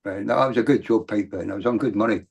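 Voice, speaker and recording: Bloke, middle aged, gravelly voice, rambling guest storytelling w lots of restarts. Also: male voice, lowish voice, rapid-fire, highs cut off. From Britain. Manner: rambling, restarts often, builds up to emphatic bursts. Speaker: podcast guest. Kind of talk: candid storytelling.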